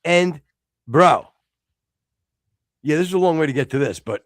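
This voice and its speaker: A man's voice: a little high, expressive, measured pace, no room sound, clean studio sound. A middle-aged American man hosting a casual live-stream talk show, rambling with stammered restarts and bursts of mock exasperation. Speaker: podcast host.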